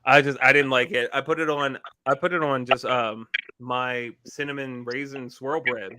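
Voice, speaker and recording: Bright-voiced young man, laughing and swearing. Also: medium pitch, moderate pace, smooth. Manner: laughs a lot, swears freely, animated storytelling. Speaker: podcast host. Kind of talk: casual chat between brothers.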